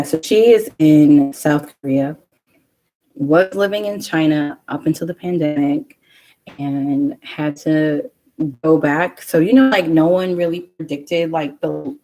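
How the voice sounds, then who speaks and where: Young woman vlogger with a low, mellow voice, chatty and rambling. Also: poor audio. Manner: rambling, chatty storytelling with many fillers. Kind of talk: casual chat.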